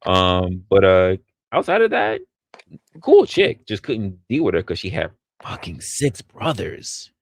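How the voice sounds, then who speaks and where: A man's voice: deep voice, wildly swooping pitch, measured pace, creaky. A man chatting casually on a live-stream panel, joking and rambling through stories. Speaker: panel participant.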